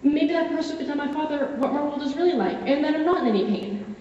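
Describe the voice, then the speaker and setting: A woman's voice: sits high, lively intonation, fast, warm tone, a little hiss or hum. A young woman in her late teens giving a dramatic interpretation performance, narrating in the first person with earnest, emotional storytelling. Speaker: competitor. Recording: echoey hall from far off, dull.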